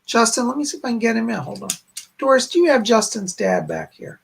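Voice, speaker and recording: A man hosting a live-stream psychic reading, relaying spirit messages in a gentle, reassuring way and repeating "she said" as he goes. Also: very high-pitched, lively intonation, fast, vocal fry, a little hiss or hum. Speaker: psychic medium host.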